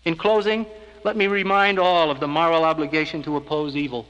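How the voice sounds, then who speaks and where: A man giving scripted filmstrip narration as an organization's spokesman, in a measured, earnest, persuasive way. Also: a little high, fairly even intonation, a bit bright, long reverb tail, muffled recording, slight background noise.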